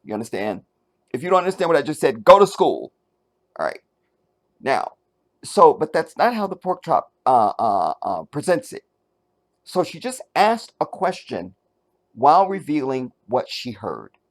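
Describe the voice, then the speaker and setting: A man hosting his own opinion channel, talking straight to his audience. His voice sits a little high and swings widely in pitch. He keeps the tone casual, restarts sentences as he searches for words, and asks whether you're following. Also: unhurried. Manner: animated, talks straight to the viewer, asks if they follow. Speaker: commentary channel host.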